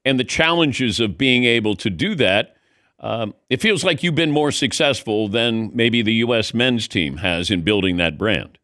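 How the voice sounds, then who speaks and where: A man's voice: medium pitch, animated, moderate pace, bright, forceful tone, no echo, studio quality. A man hosting a sports talk interview in an easygoing, teasing way. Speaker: host.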